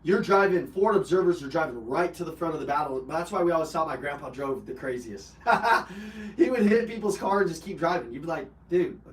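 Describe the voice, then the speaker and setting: A man's voice: a little high, fairly quick. A man hosting a live personal development call, telling an emotional personal story bluntly with swearing and fillers. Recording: roomy, from a distance.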